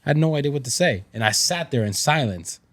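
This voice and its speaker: A man's voice: mid-range voice, lively intonation, quick pace, a bit bright, dry recording. A man on a casual podcast, talking hesitantly and self-deprecatingly, often restarting his sentences.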